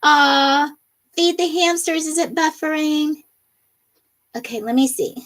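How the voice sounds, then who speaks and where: A woman's voice: sits high, slow pace, a bit bright. A woman hosting a casual live stream, reading viewer comments aloud and laughing often, her nose a little runny. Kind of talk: casual live chat while crafting.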